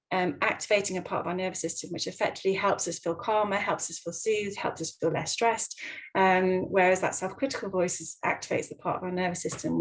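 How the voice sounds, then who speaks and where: A woman clinical psychologist giving advice in a gentle way, with many ums and restarts. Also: lowish voice, vocal fry, low-quality recording. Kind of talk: advice talk.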